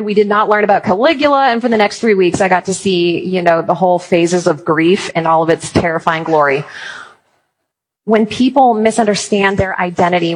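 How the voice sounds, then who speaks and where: A woman's voice: mid-range voice, low-quality recording. A woman giving a talk on Christian parenting, chatty and storytelling, with playful asides. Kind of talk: talk to an audience on faith and parenting.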